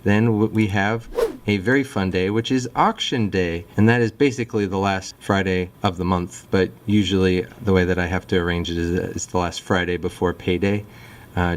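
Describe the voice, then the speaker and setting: A fifth grade teacher, a man, explaining his classroom methods in a relaxed, chatty way with frequent fillers. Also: sits low.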